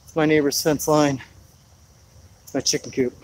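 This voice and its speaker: Man, somewhat high voice, rambling easygoing live-stream host chatting outdoors with faint noise behind. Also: steady tone, unhurried. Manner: rambling and laid-back, many fillers. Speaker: homesteading vlogger. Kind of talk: live casual walk-through chat. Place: outdoors in his backyard, rainy.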